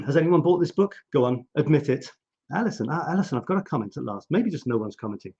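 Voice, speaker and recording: A man's voice: fairly high pitch, lively intonation, fast talker, vocal fry, a little mellow, highs cut off. Chatty man hosting a live stream. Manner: chatty, musing, talks to viewers directly. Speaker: host of a live photography show. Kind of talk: casual live-stream chat.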